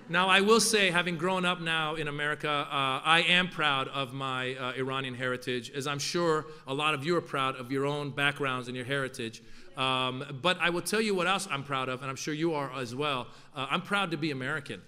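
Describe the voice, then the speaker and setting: Guy from iran doing standup at a big event, bright voice, echoey hall. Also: a little high, a little fast. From Iran, raised in Northern California. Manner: playful, punchy joke delivery. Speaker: comedian and event host. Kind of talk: stand-up comedy at a formal event. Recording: echoey hall with faint noise.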